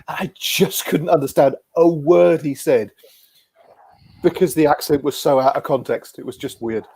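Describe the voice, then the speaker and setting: A man's voice: fairly high pitch, fairly even intonation, moderate pace, gravelly, darkish tone, breathy edge, no echo. A man hosting a casual video call chat, telling a rambling anecdote with self-deprecating asides. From Guernsey. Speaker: podcast host.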